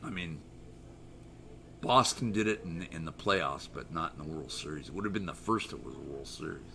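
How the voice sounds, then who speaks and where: A man's voice: very deep voice, animated, normal speed, gravelly, sharp tone, slight background noise. A middle-aged American man hosting a live stream, rambling and joking as he reads viewer chat aloud in casual talk. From United States.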